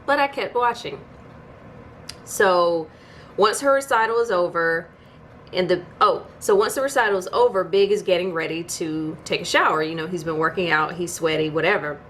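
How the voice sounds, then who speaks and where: Recapping a TV episode for YouTube, a woman talks at a moderate pace in a slightly low, somewhat bright voice. The tone is conversational and chatty, broken up by disbelieving asides, and a faint hiss runs beneath her.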